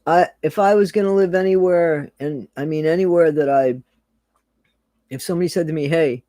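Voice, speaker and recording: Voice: mid-range voice, a little fast, warm tone, dry recording, studio quality. Chatty livestream host. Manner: chatty, rambling, laughs often, repeats phrases. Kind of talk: casual livestream chat reading viewer comments.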